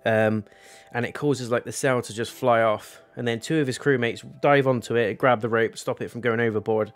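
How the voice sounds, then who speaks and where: A young man talks through a TV episode in a loose, rambling way. He swears casually, keeps his pitch in an ordinary middle range, and faint music plays underneath. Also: fairly even intonation, moderate pace. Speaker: TV reviewer. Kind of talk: casual spoken review.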